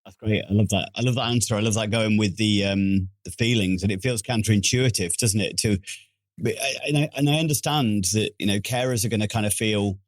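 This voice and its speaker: Casting: man, podcast host, lowish voice, dry close sound, eager agreeing. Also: fairly quick, no room sound. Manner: enthusiastic, affirming interjections. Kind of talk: podcast conversation.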